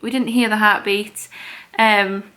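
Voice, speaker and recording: A young woman vlogging in a casual, chatty way, excitable and gushing. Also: mid-range voice, a little slow. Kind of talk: casual vlog chat.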